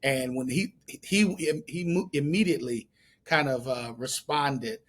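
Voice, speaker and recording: This man has a husky, slightly rough voice at a mid pitch. He talks in a relaxed, casual way and backs up the story with quick agreements. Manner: relaxed, adds short agreements and laughs. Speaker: groom and co-host of a couple's channel. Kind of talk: casual chat.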